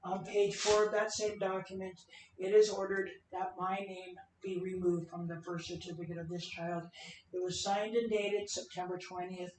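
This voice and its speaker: A woman giving an emotional personal testimony as a keynote speaker, swinging from loud outbursts to hushed lines. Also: on the low side, little pitch movement, moderate pace. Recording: roomy, from a distance, faint noise.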